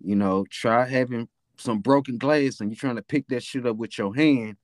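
A man's voice: medium pitch, normal speed, no room sound, clean studio sound. A young man with a Memphis accent, casually telling a profane, rambling story as a podcast host. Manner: laid-back, profane, rambling with fillers.

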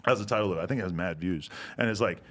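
Low-voiced man, casual podcast storyteller, swears freely. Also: rapid-fire, fairly bright tone. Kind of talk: casual chat.

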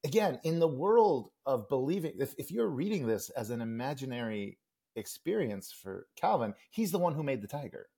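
A man's voice with plenty of lift and fall and a slight husky edge, guesting on a podcast. He talks with excitement and keeps stopping to restart his thoughts. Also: medium pitch, moderate pace. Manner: enthusiastic, restarts mid-thought, reads comics aloud. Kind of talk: animated book-club discussion.

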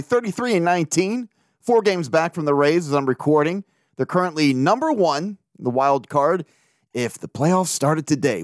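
A man's voice: fairly high pitch, dry recording, studio quality. A man from the area, hosting a casual sports podcast, brash and joking and swearing freely. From Baltimore area. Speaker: podcast host.

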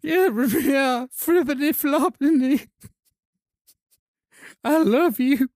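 A man playing a sheepish, hard-drinking male country singer who mumbles and hesitates in a soft, low drawl during an improvised comedy scene. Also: steady tone, normal speed, no room sound, studio quality, close to an everyday voice. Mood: giddy.

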